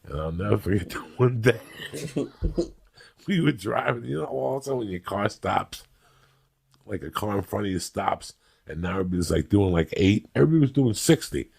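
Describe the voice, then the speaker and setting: A man's voice: on the low side, expressive, fairly quick, vocal fry, darkish tone, husky. A Cuban-American man in his fifties, telling brash, swearing comic stories on a podcast and acting out the people in them. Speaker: comedian and podcast guest. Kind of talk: profane comic storytelling on a podcast.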